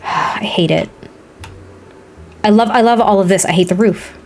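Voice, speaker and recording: A woman with a Boston accent talks through a home build in a life-sim game, frank and chatty as she thinks out loud. Her voice sits at an ordinary middle pitch, and the tone is a relaxed streamer's running commentary. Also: moderate pace, a little hiss or hum. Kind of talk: casual gaming commentary while building.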